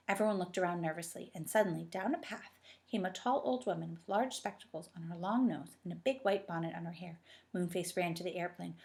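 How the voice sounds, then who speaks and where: A woman reading a children's storybook aloud in a steady, gentle storytelling way. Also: on the low side, a little fast, gravelly. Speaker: reader.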